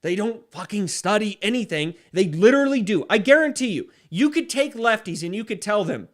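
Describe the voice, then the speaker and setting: A man's voice: sits high, lively intonation, a little fast. A man hosting a livestream, reading chat and ranting in a profane, fired-up way. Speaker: livestream host.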